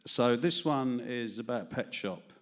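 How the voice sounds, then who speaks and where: A man's voice: mid-range voice, unhurried. A man with a London accent doing self-deprecating, rambling stand-up and poetry at an open mic before a small studio audience, laughing at his own jokes. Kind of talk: stand-up comedy and poetry reading.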